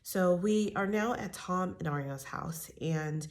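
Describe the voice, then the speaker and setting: A woman's voice: on the low side, measured pace. A woman giving a casual, opinionated recap of a reality show, talking with many fillers and asides.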